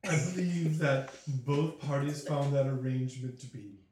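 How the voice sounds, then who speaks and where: A man voicing an ancient female dragon, slow, silky and knowing, in an echoey room. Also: mid-range voice, a little mellow, slight background noise, natural voice. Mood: amused.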